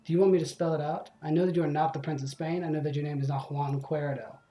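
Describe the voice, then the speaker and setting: A man's voice: a little high, fairly even intonation, fast talker, mellow, close to an everyday voice. A man reading a stern male falcon defense attorney, firm and commanding, in an echoey room. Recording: roomy echo.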